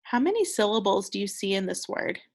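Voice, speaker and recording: A woman's voice: medium pitch, sing-song, fairly quick, vocal fry, breathy edge. A young woman teaching second graders a recorded phonics lesson, patient and encouraging, sounding out words with care.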